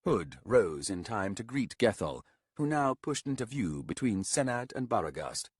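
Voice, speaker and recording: A low, husky male voice reads a fantasy audiobook in a measured, expressive way. His pitch moves in lively swells. The sound is close and dry, with no room. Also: no echo. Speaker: audiobook narrator. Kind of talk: scripted narration. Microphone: close studio mic.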